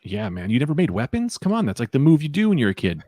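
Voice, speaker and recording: A man on a casual comedy podcast, telling rambling, animated stories from his childhood. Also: mid-range voice, quick pace, no echo. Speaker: comedian guest.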